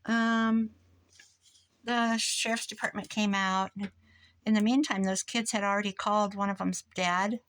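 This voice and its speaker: A woman's voice: mid-range voice, steady tone, unhurried, a bit bright. An older woman, a grandmother, chatting casually in her craft room, rambling from one story to the next as she works on pages. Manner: rambling, chatty, jumps between stories. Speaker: crafting vlogger. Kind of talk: casual chat while crafting. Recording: noisy home recording.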